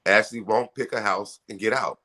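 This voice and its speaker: A man co-hosting a casual reality-show recap, bantering quickly and lively. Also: on the low side. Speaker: podcast co-host.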